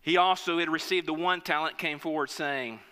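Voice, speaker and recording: A man's voice: on the high side, steady tone, normal speed, sharp tone, clear, resonant tone, big-room sound. A man preaching a sermon, emphatic, telling a story and calling on his listeners. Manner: emphatic, storytelling, calls on the congregation.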